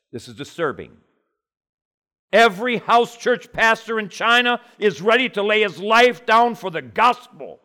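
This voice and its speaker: A man preaching a sermon with passion, climbing loud and high in his stories and then dropping low and quiet into prayer. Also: sing-song, unhurried.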